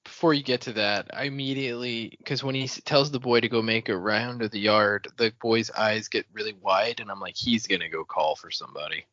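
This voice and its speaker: A man co-hosting a casual book podcast, offering thoughtful, unhurried remarks. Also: on the low side, pushed and bright, no room sound. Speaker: podcast co-host. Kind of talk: casual book-club chat. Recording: dry, slightly dull mic audio.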